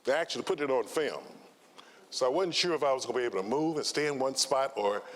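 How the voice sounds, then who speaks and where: A man in his sixties, a trial lawyer giving a conference talk and telling stories with dramatic pauses. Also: mid-range voice. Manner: slow, dramatic pauses, lively intonation. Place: large conference hall. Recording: long hall reverb.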